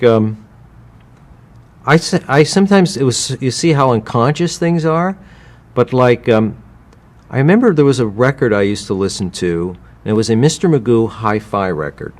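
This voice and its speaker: A man's voice: lowish voice, darkish tone. A man from the United States, a voice actor being interviewed, rambling with many restarts and slipping now and then into character voices. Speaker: guest voice actor. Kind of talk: casual interview.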